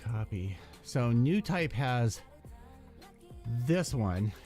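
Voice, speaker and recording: Regular-pitched dude rambling through a live model build, ums everywhere, quiet music in the background. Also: male voice, big pitch swings, drawn-out words. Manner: rambling, loose, lots of fillers and trailing off. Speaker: hobby channel host. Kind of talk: casual live-stream chat while building a model kit.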